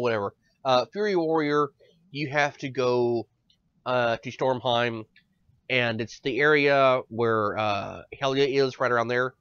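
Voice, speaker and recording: A man hosting a casual podcast, ranting in an animated, profane way and often stumbling over his words. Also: mid-range voice, dry recording. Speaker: podcast host. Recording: dull dry lo-fi audio.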